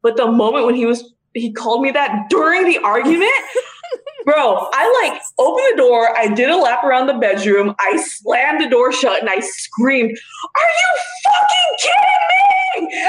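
Animated storytelling woman, lively pitch. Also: moderate pace. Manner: animated, profane, laughing storytelling. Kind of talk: casual chat.

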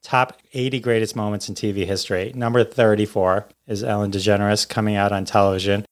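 A man hosting a casual interview, enthusiastic and quick to laugh. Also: fairly low pitch, level tone. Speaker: podcast host.

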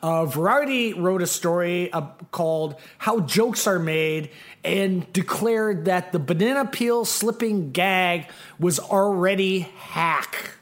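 A man with a high-pitched voice co-hosts a podcast, telling a story slowly in casual conversation. He rambles, filling his speech with fillers and restarts.

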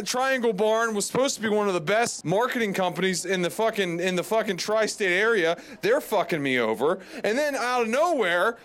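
A man's voice: high voice, fairly bright tone. A man in a comedic monologue, ranting in an agitated, rambling way with lots of restarts. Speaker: comic character monologue. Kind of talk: frantic comedic rant. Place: public library.

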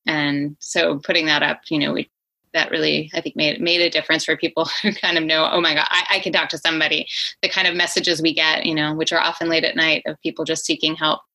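A middle-aged woman, a company founder, talking eagerly in an interview, with quick restarts and fillers. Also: low-pitched, little pitch movement, vocal fry, sharp tone, low-quality recording. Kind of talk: conversational interview.

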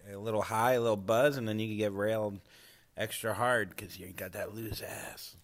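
Man, podcast guest, crude joking banter, somewhat low voice. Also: fairly even intonation, moderate pace. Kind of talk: casual podcast chat.

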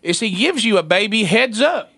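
A man in a casual chat, telling a family story with lots of laughter and squeaky impressions of a toddler. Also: moderate pace, slightly rough, no room sound, studio quality. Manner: animated storyteller, high squeaky voices for a toddler, laughs often.

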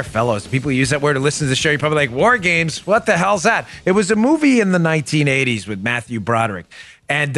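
A man's voice: medium pitch, fairly bright tone. A man hosting a political talk show, speaking in an emphatic, sarcastic manner. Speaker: host.

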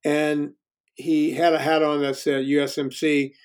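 A man's voice: fairly high pitch, little pitch movement, unhurried, clear, resonant tone. A man in his fifties, a guest telling stories in casual conversation, candid and self-deprecating, often restarting his sentences. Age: 50s.

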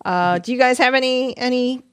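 A woman hosting a casual gaming podcast, her voice sitting a little high. She reads listener mail in a chatty, giggly way with little stumbles. The sound is close and dry. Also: moderate pace, fairly bright tone, clean tone, dry recording. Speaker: podcast co-host reading listener emails.

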